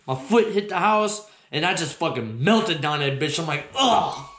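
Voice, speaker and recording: High-voiced profane storyteller man, roomy echo. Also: moderate pace, faint music behind. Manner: profane, slangy, animated, acts out voices. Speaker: host. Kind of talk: comedic personal storytelling.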